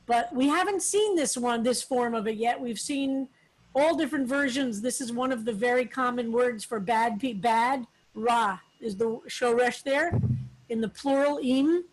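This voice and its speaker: Slow-teaching woman rabbi, high voice. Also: low-quality recording. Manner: slow, explanatory, with frequent fillers. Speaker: rabbi teaching a text study. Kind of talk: relaxed Hebrew text lesson.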